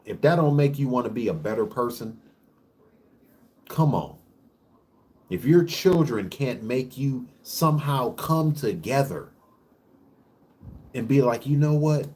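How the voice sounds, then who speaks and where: A man delivering a casual on-camera rant, preachy and full of profanity. He talks in emphatic bursts, often restarting his sentences mid-thought. His voice sits at a middling pitch. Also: lively intonation, a little mellow. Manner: rapid bursts with frequent restarts. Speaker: vlog host.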